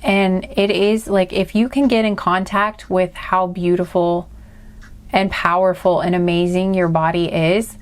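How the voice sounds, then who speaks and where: A woman's voice: fairly low pitch, fairly even intonation, unhurried, smooth. A woman giving a casual spiritual card reading to her viewers, earnest and gushing, rambling with many restarts and fillers. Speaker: tarot and oracle card reader.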